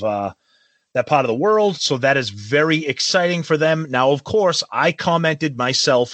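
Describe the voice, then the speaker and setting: Male podcast co-host, casual news chat, expressive mid voice. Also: medium pitch, dry recording. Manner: chatty, relays news conversationally.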